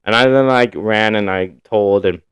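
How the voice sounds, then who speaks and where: Co-host type: man, very deep and smooth, loose casual storyteller who swears a lot. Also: moderate pace, no room sound. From Ohio, USA. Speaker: podcast co-host. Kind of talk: casual chat.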